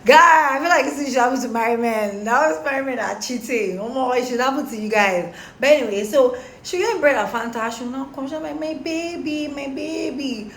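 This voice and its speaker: A young woman telling a story casually to her followers, animated and slangy. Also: on the high side, a little fast, few pauses. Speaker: storytime vlogger. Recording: roomy echo, faint background.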